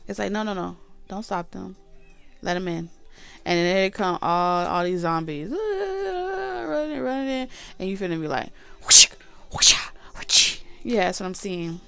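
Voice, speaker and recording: A woman's voice: on the low side, fairly even intonation, moderate pace, vocal fry, clear, resonant tone. A woman giving a casual tarot reading, chatty, blunt and profane. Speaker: tarot reader.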